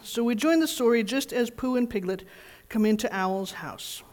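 A woman leading a children's message in church, reading a storybook aloud in a gentle, expressive way. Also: fairly high pitch, moderate pace. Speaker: pastor giving a children's message. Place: church sanctuary. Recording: reverberant church hall.

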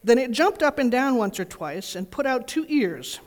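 A woman leading a children's message in church, reading a storybook aloud in a gentle, expressive way. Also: fairly high pitch, normal speed. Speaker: pastor giving a children's message. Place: church sanctuary. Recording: reverberant church hall.

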